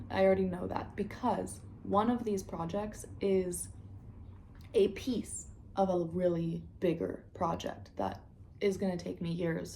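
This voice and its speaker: A woman's voice: lowish voice, mellow, a little hiss or hum. A woman vlogger chatting casually to her viewers about her crafting projects, with a groggy morning voice, having just woken up. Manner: chatty and self-aware, addresses viewers directly. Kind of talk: casual vlog chat.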